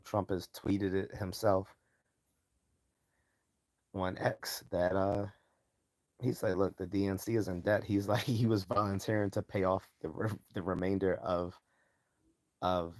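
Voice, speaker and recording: A man's voice: sits low, darkish tone, dry recording. A man hosting a live stream in a casual commentary style, loose and mocking, chuckling often and swearing freely.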